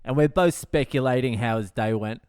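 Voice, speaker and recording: A comedian hosting his own podcast, telling a story in a profane, wry, deadpan way with lots of swearing. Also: medium pitch, normal speed, smooth, dry recording, studio quality. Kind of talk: comic storytelling monologue.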